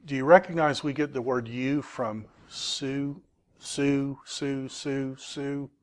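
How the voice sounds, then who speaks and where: A man's voice: mid-range voice, level tone, slow pace. A man teaching a Greek class, asking students questions and patiently explaining grammar. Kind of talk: classroom lesson.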